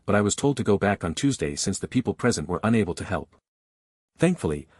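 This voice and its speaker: A man reading a fantasy web novel aloud in steady scripted narration, close to the mic. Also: fairly low pitch, no room sound.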